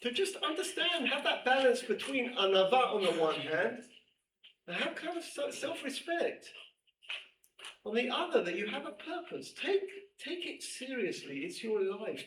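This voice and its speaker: A man teaching a class, animated and emphatic, repeating key phrases and reading Hebrew texts quickly. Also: very high-pitched. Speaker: teacher at a women's seminary. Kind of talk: lecture to a class. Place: room with a class present. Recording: echoey room, distant mic, faint hiss.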